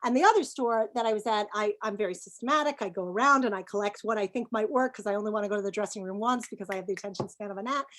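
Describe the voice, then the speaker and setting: A middle-aged woman talking emphatically as a business guest in a webinar interview, animated and quick to laugh. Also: medium pitch.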